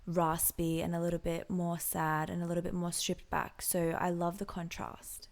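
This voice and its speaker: Woman reaction vlogger, gravelly low voice, reflective casual commentary, occasional hushed asides. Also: level tone, moderate pace. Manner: reflective, soft-spoken, drifting into whispered asides. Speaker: music reaction vlogger and singer.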